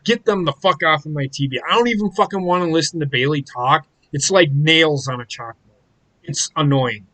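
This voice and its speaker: A man's voice: a little high, fairly quick, pushed and bright, poor audio. A man co-hosting a casual live watch-along chat, ranting in a heated, profane way. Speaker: podcast co-host.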